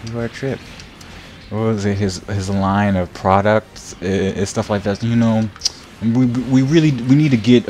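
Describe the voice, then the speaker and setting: A young man giving casual, rambling commentary while playing a game, repeating words, laughing often and getting loud when he takes hits. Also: lowish voice, slight background noise. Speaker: gameplay streamer. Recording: faint game music behind.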